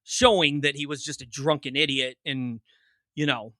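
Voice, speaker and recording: Bright-voiced man hosting a podcast chat. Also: mid-range voice, fairly even intonation, normal speed, dry recording. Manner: rambling, self-interrupting, joking. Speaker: podcast host. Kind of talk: casual chat.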